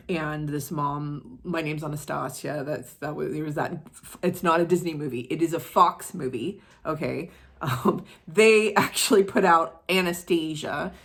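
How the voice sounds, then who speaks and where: American woman with a low voice, rambly vlog chat, side story after side story. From United States. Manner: rambling, full of tangents and asides; casual swearing. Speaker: art vlogger. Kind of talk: casual chat.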